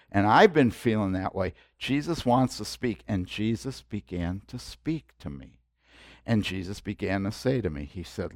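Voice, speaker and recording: An older man preaching a sermon in a conversational storytelling way, moving between soft asides and loud preaching. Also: lowish voice, no room sound, clean studio sound. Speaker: pastor.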